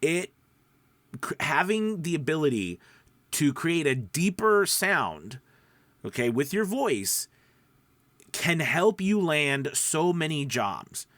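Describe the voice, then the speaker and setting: A man hosting a show for new voiceover artists, teaching in an energetic, chatty way with frequent fillers. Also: on the high side, takes it slowly, pauses often, dry recording. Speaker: voiceover coach. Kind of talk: upbeat teaching monologue.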